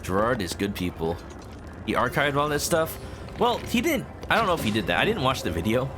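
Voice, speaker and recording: A man's voice: mid-range voice, sing-song, a little fast. A man streaming a video game, rambling casually to his chat and humming along as he plays. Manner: rambling, talks to chat while playing, hums. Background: video game music.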